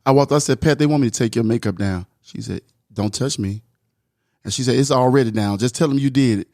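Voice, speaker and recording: A man's voice: mid-range voice, a little fast, a little mellow, no room sound, studio quality. A man who is a makeup artist and guest, chatting playfully and telling stories. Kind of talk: casual chat.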